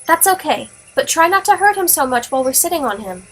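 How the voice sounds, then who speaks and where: A woman's voice: high voice, sing-song, fast talker, voice pushed up, low-quality recording. A woman voicing a sincere young girl heroine in a video game. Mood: pleading.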